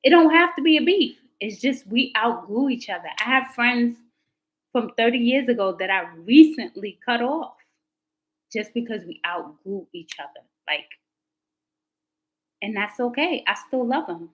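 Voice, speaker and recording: A woman's voice: a little high, lively intonation, a little slow, fairly bright tone, rough recording. A woman tarot reader talking casually to her livestream viewers, candid and slangy. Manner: chatty and candid, slangy, talks back to chat comments.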